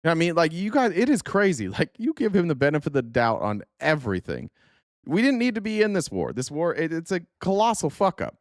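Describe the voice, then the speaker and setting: A man streams live political commentary, venting at his chat in a heated, sarcastic tirade packed with swearing. His voice sits high for a man. The mic is close and dry, with no room sound at all. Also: huge pitch swings, a little fast, no echo.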